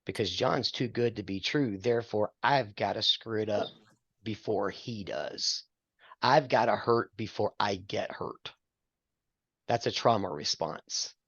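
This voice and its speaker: An older man gives earnest, preacherly counsel to a married couple and pokes fun at himself along the way. His voice has a gravelly rasp and sits close and dry in the mic. The recording is dull and lo-fi. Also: on the low side, a little slow, fairly bright tone, no echo. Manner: earnest, preacherly, self-deprecating. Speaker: marriage mentor. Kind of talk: counseling talk with scripture.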